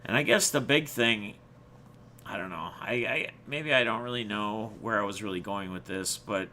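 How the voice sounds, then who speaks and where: A man's voice: fairly low pitch, normal speed, bright, forceful tone, slight background noise. A man hosting his own channel, telling viewers a personal story in a rambling, reflective way with many restarts. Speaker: channel host.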